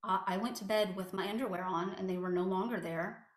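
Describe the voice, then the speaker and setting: A woman recounting a painful personal story as an interview guest, halting and full of fillers and restarts. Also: medium pitch, fairly even intonation. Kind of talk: personal testimony. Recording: echoey room.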